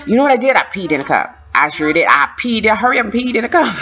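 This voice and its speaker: A woman in her thirties telling a personal story in a casual, animated way, repeating phrases for effect and often laughing. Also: mid-range voice, fast talker. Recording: dull lo-fi recording.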